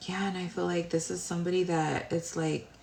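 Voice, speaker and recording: Low-voiced rambling woman tarot reader. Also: flat delivery, fairly quick, creaky, a little mellow. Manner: rambling, searching for words. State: tired. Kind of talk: casual tarot reading to viewers. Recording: roomy echo.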